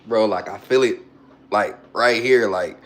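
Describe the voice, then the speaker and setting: A man's voice: lowish voice, unhurried. Queasy man burping through a livestream. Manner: loose, joking, reads chat aloud. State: burping, queasy after hot sauce. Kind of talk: casual livestream chat.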